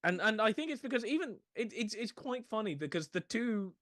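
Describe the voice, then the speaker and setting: Male co-host, film chat, halting delivery with lots of restarts, dry close mic. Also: high voice, big pitch swings, a bit bright, no echo. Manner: hesitant, many restarts, acts out quotes. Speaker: podcast co-host. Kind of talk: casual film discussion.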